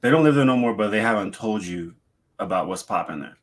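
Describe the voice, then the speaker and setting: A man's voice: fairly low pitch, expressive, brisk. A man co-hosting a podcast, talking in a laid-back way and reasoning through a question aloud. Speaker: podcast co-host. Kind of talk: casual chat.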